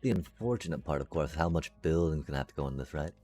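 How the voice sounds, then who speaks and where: A man with an extremely deep voice talks casually to his stream chat while he builds, musing over design choices and muttering to himself. He fills pauses with hummed beeps and bops. Faint music plays underneath. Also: expressive, mellow. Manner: thinks aloud, hums little sound effects while working; addresses chat, muttering and trailing off.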